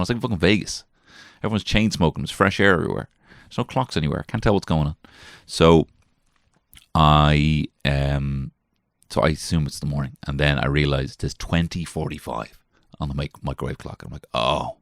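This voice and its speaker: Very deep, gravelly man, dry. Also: normal speed, dry recording. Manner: swearing, self-mocking, jumps between put-on voices. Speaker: comedian podcast host. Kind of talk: rambling comic storytelling. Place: small garden shed.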